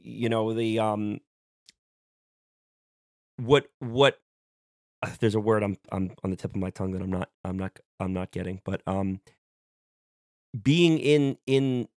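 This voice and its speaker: A man's voice: mid-range voice, fairly bright tone, no room sound. A man co-hosting a casual film podcast, with a middling voice recorded close and dry. He rambles, restarts and trails off as he searches for his words. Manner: rambling, halting, many restarts. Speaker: podcast co-host.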